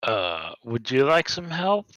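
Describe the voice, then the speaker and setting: Lively, dry-sounding male player. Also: mid-range voice, slow, no room sound. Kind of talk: casual tabletop play.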